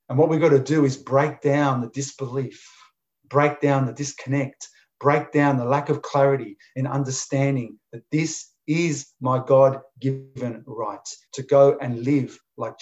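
A man's voice: medium pitch, darkish tone. Emphatic male preacher, muffled sound. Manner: emphatic, repetitive, deliberate. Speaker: pastor. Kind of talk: sermon.

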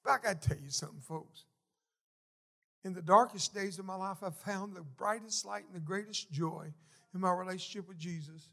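Brief: middle-aged male preacher, gravelly, slightly high, folksy storyteller who swells to shouts. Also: moderate pace. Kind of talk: sermon storytelling.

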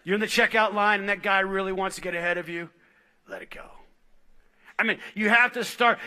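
A middle-aged man preaching a sermon as pastor, telling stories with laughs and dropping into quiet asides. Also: sits high. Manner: animated storytelling with laughs and sudden quiet asides.

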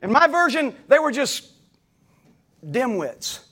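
Pastor guy preaching, really high voice that bounces all over, goes quiet then loud. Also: sing-song, takes it slowly. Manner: dramatic, shifting between hushed and shouted. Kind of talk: sermon.

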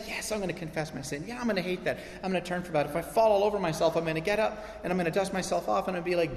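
A man's voice: high-pitched, rapid-fire, few pauses. Emphatic male preacher in echoey hall. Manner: emphatic preaching with rising intensity and repetition. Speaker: pastor. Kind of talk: sermon.

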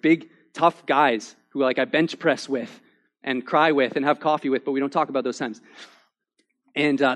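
A young man delivers a sermon in a slightly higher voice. He talks casually, calling the listeners "man". He builds to impassioned, emphatic peaks. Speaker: pastor.

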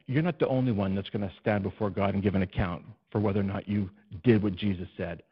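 A man preaching a sermon as pastor, swinging between hushed low passages and loud, soaring ones, often putting questions to the congregation. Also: quick pace, slightly rough, dull audio. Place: church.

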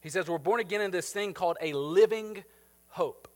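A man's voice: sits high, moderate pace. A man in his thirties preaching a sermon, talking conversationally and checking in with the congregation. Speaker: pastor. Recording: long hall reverb.

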